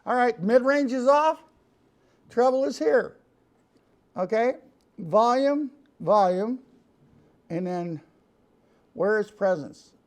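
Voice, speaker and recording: A man's voice: extremely high pitch, expressive, slow pace, pauses often, darkish tone. A middle-aged man with a Chicago accent, a studio producer giving a folksy, hands-on demonstration of guitar tone. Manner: folksy, calls people "Mister". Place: recording studio.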